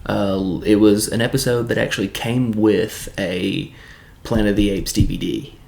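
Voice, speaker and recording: A man from Tennessee with a Southern accent talks through a casual video review, rambling and restarting often. His voice sits a little low. A gravelly fry runs through his speech. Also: fairly even intonation, moderate pace, a little mellow. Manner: rambling, loose, many fillers and restarts.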